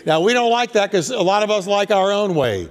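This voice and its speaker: Emphatic high-voiced male pastor preaching. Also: expressive, a little fast. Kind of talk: sermon. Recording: long hall reverb.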